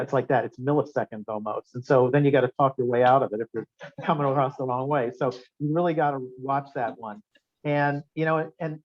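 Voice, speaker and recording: Brief: male keynote speaker, upbeat storyteller, lo-fi restaurant event recording. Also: a little high. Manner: animated storyteller, quizzes the audience with questions. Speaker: guest speaker. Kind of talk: anecdotal seminar talk. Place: restaurant function room. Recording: dull lo-fi room recording.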